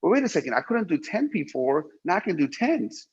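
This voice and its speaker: A man's voice: a little high, sing-song, fairly quick, darkish tone, breathy edge. Man, middle-aged, from Iran, emphatic, repeats himself, swears, dull recording. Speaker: guest. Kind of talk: storytelling interview.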